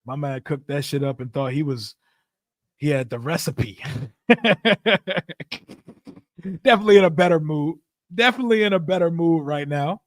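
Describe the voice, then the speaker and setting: High-voiced profane man riffing on football. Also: no echo, studio quality. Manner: profane, animated, laughs a lot. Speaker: livestream host. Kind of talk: casual sports watch-party commentary.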